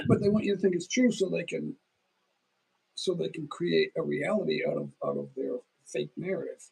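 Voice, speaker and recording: Tired middle-aged guy rambling on his phone livestream, super gravelly and husky. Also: a little high, normal speed, poor audio. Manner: meandering, talks while eating, restarts often. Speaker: livestream host. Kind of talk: rambling casual livestream chat.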